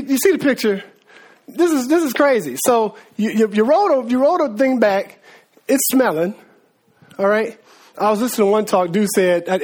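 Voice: sits high, darkish tone. A preacher delivering a sermon in casual, slangy talk, repeating words and laughing as asides.

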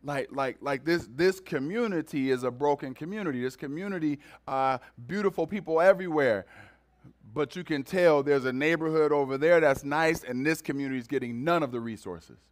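A man preaching a sermon to his church, his voice sitting a little high for a man. He talks to the congregation like they are family, repeating words and restarting phrases as he builds each point. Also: brisk. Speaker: pastor.

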